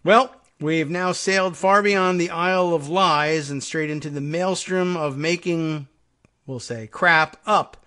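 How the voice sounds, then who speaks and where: A man's voice: a little high, measured pace, bright, forceful tone. A middle-aged man hosting a political commentary podcast, talking in a sarcastic, exasperated way. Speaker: host.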